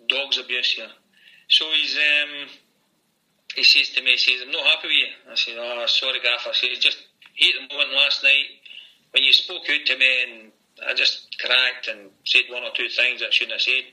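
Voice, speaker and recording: A man's voice: mid-range voice, pushed and bright, low-quality recording. Chatty Scottish man telling football stories. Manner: rambling anecdotes with repeated "I says". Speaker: former footballer guest. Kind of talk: storytelling interview.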